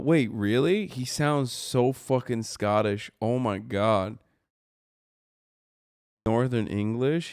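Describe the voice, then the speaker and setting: A man's voice: medium pitch, darkish tone, smooth, no echo, studio quality. Profane, sarcastic male streamer. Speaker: streamer host. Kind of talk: casual reaction stream.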